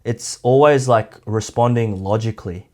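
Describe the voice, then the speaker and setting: An Australian YouTube commentator with a lowish voice talks at a moderate pace. His commentary is casual and rambling, packed with "like" and mocking asides.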